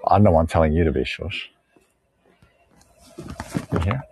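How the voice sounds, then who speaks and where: A man's voice: deep voice, expressive, very fast, a little mellow, breathy edge, no room sound. An Australian man chatting with live viewers on an outdoor walking tour, rambling, joking and laughing often. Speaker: live-stream tour guide. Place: outdoors on a bush walk.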